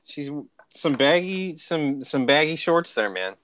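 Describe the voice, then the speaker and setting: A man's voice: a little high, big pitch swings, a little slow, a crowd in the background. A man co-hosting a casual podcast chat, chiming in with easygoing, wry asides. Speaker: podcast co-host.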